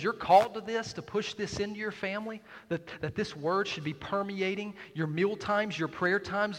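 A man preaching a sermon, his voice sitting high for a man. He swings from hushed, almost whispered asides to loud, emphatic calls to the congregation. His voice rings through the long reverb of a big church hall. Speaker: pastor.

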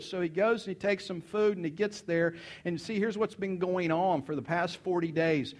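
A man's voice: high-pitched, normal speed. A man preaching a sermon, retelling a story with folksy asides and acting out the characters' voices. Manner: animated, acts out characters' voices.

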